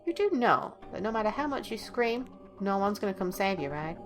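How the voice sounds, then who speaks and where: A coaxing, taunting young killer, as a woman reads him out for a game, his voice rising and falling in a lively sing-song over game music. He sounds menacing, sweet-talking in one breath and threatening the next. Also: medium pitch, brisk, natural voice. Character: menacing young man, a knife-wielding killer. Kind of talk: reading game dialogue aloud.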